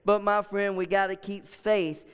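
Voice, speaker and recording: A man preaching an impassioned sermon, swelling loud and dropping to a hush. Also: high voice, level tone, measured pace, clear, resonant tone. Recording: long hall reverb.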